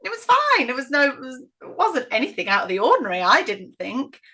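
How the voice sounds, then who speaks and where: Outspoken northern English woman, middle-aged, bright higher voice, interview guest. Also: fairly quick. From northern England. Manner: outspoken, animated, acts out quoted voices. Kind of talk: casual interview storytelling.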